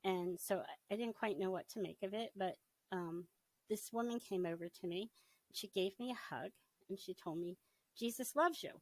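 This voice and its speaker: A middle-aged woman recounting her past in a relaxed interview, slipping into little voices for what she once thought and breaking into laughter. Her voice sits at an ordinary middle pitch. The recording is dry and close, with almost no room sound. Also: normal speed, no echo, rough recording. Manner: animated storyteller, laughs often, acts out her own past thoughts. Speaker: interview guest. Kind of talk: personal testimony, casual storytelling.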